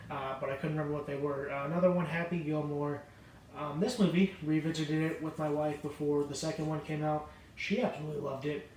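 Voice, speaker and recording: A man's voice: on the high side, a little hiss or hum. Rambling man in an echoey room. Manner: rambling, profane, self-deprecating. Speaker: vlogger showing a movie haul. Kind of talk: casual haul chat. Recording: very echoey room, mic far off.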